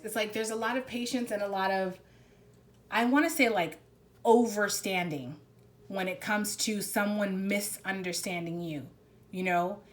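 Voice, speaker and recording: Woman tarot reader, casual spiritual reading, rambling, emphatic delivery, mid-pitched voice.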